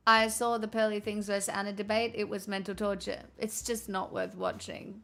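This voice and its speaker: A woman live streamer chatting casually with her viewers in a put-on transatlantic accent, with theatrical, drawn-out delivery and plenty of swearing. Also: mid-range voice, flat delivery, fairly bright tone, faint music behind.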